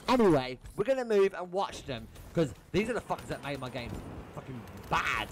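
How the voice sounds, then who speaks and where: A young gaming YouTuber rants with exasperation and profanity over a replay of his own match. His fairly high voice is lively in intonation and brisk, with game gunfire and shots loud behind him in a noisy background.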